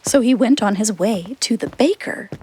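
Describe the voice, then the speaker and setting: A woman narrating a children's fairy tale in a slow, expressive reading. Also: on the high side, slight background noise. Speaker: storyteller.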